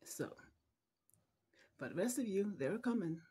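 Middle-aged mother, emotional, holding back tears; slow, halting, tender delivery with a mellow, breathy voice. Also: mid-range voice, big pitch swings. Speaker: mother addressing her adult son. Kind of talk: heartfelt personal video message.

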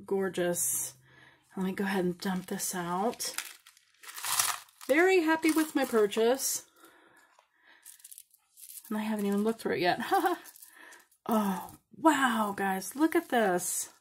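A woman with a soft, breathy voice unboxes beads at her craft table, speaking slowly and gushing over each find. Her delighted exclamations keep slipping into hushed whispers as she looks closer. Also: mid-range voice, lively intonation. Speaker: craft vlogger. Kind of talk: bead unboxing vlog.

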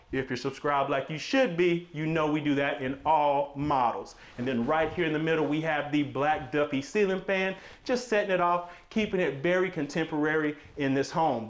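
High-voiced upbeat salesman leading a tour. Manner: upbeat, playful sales patter with jokey asides. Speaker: sales host giving a home tour. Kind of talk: promotional walkthrough.

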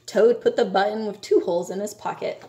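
A woman reading a children's storybook aloud in a slow, measured way. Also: medium pitch, fairly even intonation, mellow. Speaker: reader. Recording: echoey room.

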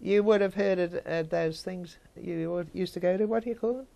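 Older woman, Bible teacher, conversational, gravelly voice with a little fry. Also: on the low side, brisk, mellow. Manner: conversational, chats with listeners.

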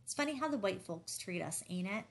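A woman's voice: medium pitch, animated, fairly quick, lightly acted. A woman voicing a restless, brooding young man in an audiobook, musing and mock-commanding in turn. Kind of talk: audiobook dialogue reading.

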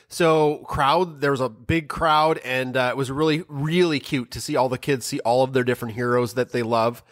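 A man's voice: medium pitch, fairly even intonation, normal speed, no room sound, clean studio sound. A middle-aged man co-hosting a podcast, telling a family story in a rambling way with frequent ums and restarts. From Canada. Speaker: podcast co-host. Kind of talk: casual chat.

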